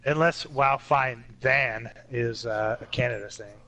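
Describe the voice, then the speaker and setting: A man with a Californian accent, co-hosting a casual podcast, teasing and swearing with drawn-out fillers. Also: medium pitch, bright, forceful tone, soft background music. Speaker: podcast co-host. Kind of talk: casual banter. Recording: clear background noise.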